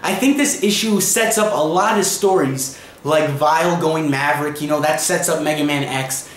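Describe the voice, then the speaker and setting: Young male vlogger, high voice, chatty comic recap full of fillers, echoey room. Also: moderate pace, fairly bright tone, slight background noise. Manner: chatty, filler-heavy retelling. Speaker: comic book reviewer. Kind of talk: casual video review.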